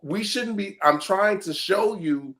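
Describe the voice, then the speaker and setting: A man co-hosting a casual podcast talks with animated emphasis and frequent laughs. His voice sits a little higher than most men's. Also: slow. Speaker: podcast co-host.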